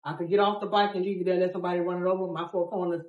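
A woman biker telling the story of her ride in a group interview, dramatic and acting out quotes, swinging from loud to hushed. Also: on the low side, flat delivery, rapid-fire, roomy sound, recorded from a distance, narrow, tinny audio.

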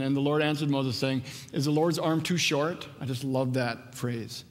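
A pastor preaching a conversational sermon, animated when acting out quotes. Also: male voice, on the high side, normal speed, few pauses. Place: church sanctuary. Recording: long church reverb.

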